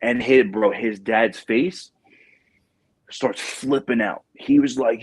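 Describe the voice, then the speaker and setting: A man hosting a podcast, telling a story in a casual, lively way and acting out the people in it. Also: mid-range voice, slow, slightly rough, no room sound. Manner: animated storyteller, acts out quoted people. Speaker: podcast host.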